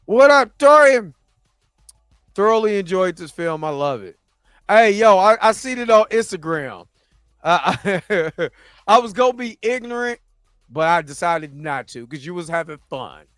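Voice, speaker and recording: A laid-back man hosts a livestream and chats casually with his viewers, his voice sitting fairly high. He is recorded on a dry, close mic with faint music playing underneath. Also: expressive, moderate pace, a bit bright, no echo. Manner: laid-back, chatty, often laughing and trying voices. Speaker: livestream host reading chat.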